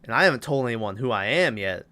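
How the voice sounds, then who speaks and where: A man's voice: mid-range voice, lively intonation, fast, sharp tone. A man quoting a male killer doll in his own voice, plotting aloud in an offhand way. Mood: scheming.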